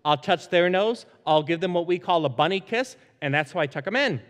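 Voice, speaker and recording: A man in his thirties, a pastor preaching a sermon into a microphone, animated and playful as he acts out family stories. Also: high-pitched, brisk. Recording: long hall reverb.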